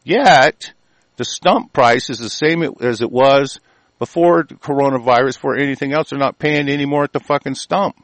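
A man's voice: medium pitch, moderate pace, dry recording. A man ranting angrily as a talk show host, swearing constantly and laughing mockingly. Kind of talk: profane conspiracy rant.

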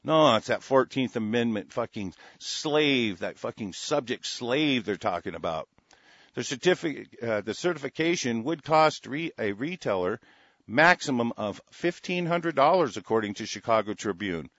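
A man's voice: mid-range voice, animated, moderate pace, fairly bright tone, no room sound, lo-fi sound. Sarcastic, swearing man ranting over news. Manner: angry, sarcastic, swears a lot, reads then rants. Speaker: political commentator reading news aloud. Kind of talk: profane ranting commentary on news.

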